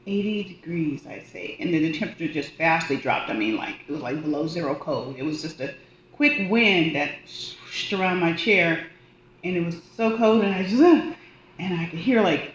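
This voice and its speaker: A woman's voice: lowish voice, normal speed. Woman telling a story in a roomy room. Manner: animated, acts out quoted voices. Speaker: hospice volunteer and death doula. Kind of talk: casual storytelling. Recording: roomy, dull audio with faint noise.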